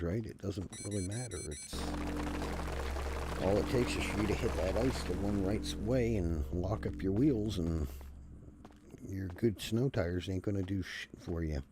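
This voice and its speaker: Guy streamer, deep voice, chatty and profane, folksy rambling rants. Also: a little slow, background noise. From Canada. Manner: rambling, swears freely, folksy ranting. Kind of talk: casual chat while gaming.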